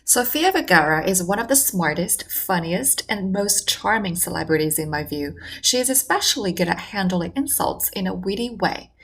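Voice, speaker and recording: Woman explaining in measured voice-over. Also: lowish voice, animated, a bit bright, husky. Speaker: communication channel host. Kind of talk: scripted voice-over narration.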